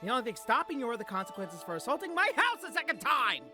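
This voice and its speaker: A blunt, sassy young adventurer played by a woman delivers his lines with dry, sarcastic deadpan. The pitch moves expressively, and soft background music sits under the voice. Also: fast talker. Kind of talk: fan abridged dub.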